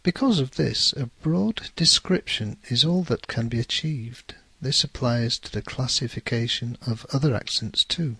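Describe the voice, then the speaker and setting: A man with a Northern English accent giving a measured lesson, careful and correcting himself now and then. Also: medium pitch, creaky, pushed and bright, slightly rough, no room sound. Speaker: English teacher. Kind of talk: scripted explanatory lecture.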